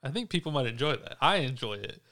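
A man's voice: mid-range voice, very animated, fast, pushed and bright. A man hosting a casual podcast chat, talking in a snarky, profane, rambling way with frequent restarts. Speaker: podcast host.

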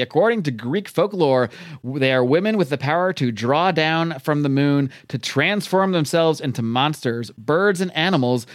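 A man's voice: on the high side, dry recording, studio quality. A man casually recapping a comic book in a loose, rambling, profane way.

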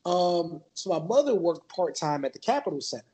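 This man, a Maryland native appearing on a podcast, talks casually and freely, leaning on lots of filler words. He sounds high-pitched, mellow, and very animated, speaking fairly quickly on a low-quality recording.

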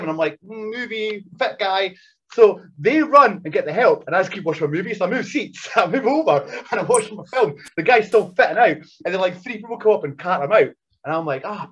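A man, a podcast guest, telling loud, excitable stories full of swearing and acted-out quotes. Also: high voice, breathy edge. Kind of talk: animated storytelling. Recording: dull lo-fi podcast audio.

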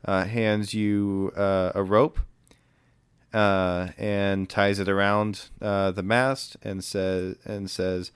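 Low, smooth-voiced male game master. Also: slow, dry recording. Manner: relaxed, with frequent fillers. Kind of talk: narrating a tabletop game.

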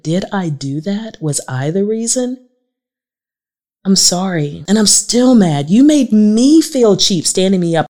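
A woman's voice: low-pitched, dark tone. Southern woman reading her confessional memoir. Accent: Southern American. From Southern United States. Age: 40s. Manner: emotional, confessional. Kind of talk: audiobook memoir narration.

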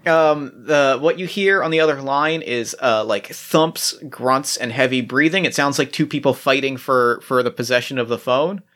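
Bright-voiced man running a tabletop game. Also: medium pitch. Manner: halting, many restarts and fillers. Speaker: game master.

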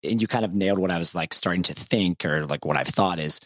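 A man's voice: low voice, fast, no room sound, clean studio sound. A man in his thirties co-hosting a podcast, candid and easygoing, and laughing often. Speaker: podcast co-host. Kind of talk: casual podcast conversation.

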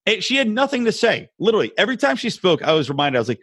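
A man's voice: sits high, lively intonation, racing, a bit bright, husky, no echo, clean studio sound. A man hosting a podcast, ranting profanely in drunken political banter. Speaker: podcast host.

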